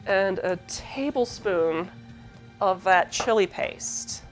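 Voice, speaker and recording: Faint music plays behind a medium-pitched woman speaking at a slow pace as she hosts a cooking demo. A cooking show host from the southern United States, she chats casually and rambles while cooking, with a light Southern lilt mixed with Midwestern.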